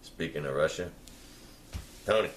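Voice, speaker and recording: A man anchoring a spoof news show in a deadpan delivery, with a light chuckle now and then. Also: rumbling low, unhurried, a little hiss or hum. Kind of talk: mock newscast. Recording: echoey room with faint ambience.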